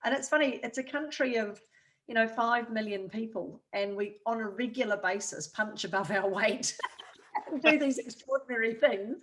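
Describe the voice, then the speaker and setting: A woman's voice: fairly high pitch, normal speed, background noise. Chatty New Zealand woman telling stories. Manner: chatty storyteller, laughs often. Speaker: guest. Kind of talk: casual interview chat.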